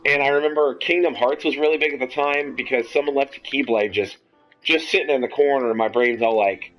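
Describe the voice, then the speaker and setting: A young man hosting a podcast, telling a long story in a casual, rambling, animated way and swearing freely. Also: medium pitch, fairly quick, soft background music. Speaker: podcast host. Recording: dull lo-fi audio.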